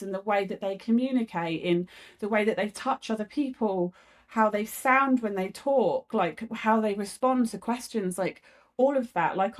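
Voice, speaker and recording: A woman's voice: mid-range voice, a little mellow. A woman guest, a comedian, talking frankly and reflectively in a candid conversation, swearing freely.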